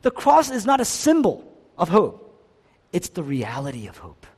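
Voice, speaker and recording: Male preacher, higher-pitched, animated delivery swinging from hush to fervor; reverberant hall sound. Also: normal speed, breathy edge. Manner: swings between hushed lows and impassioned high-pitched cries. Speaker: pastor. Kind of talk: sermon.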